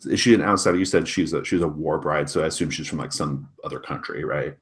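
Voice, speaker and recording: A man acting as game master, chatting casually with players, upbeat and quick to laugh, with lots of fillers. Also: rumbling low. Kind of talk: casual tabletop game planning.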